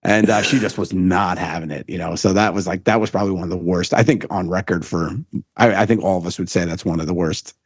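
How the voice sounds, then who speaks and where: A middle-aged man telling stories as a comedian guest in a casual interview, animated and acting out what people said. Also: low voice, breathy edge, no room sound. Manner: fast, animated storyteller who acts out quotes.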